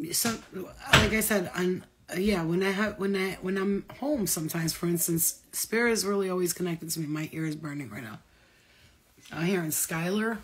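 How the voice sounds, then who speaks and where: A woman talking as a spiritual medium in a casual vlog, rambling, excitable and full of swearing. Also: fairly low pitch, slightly rough.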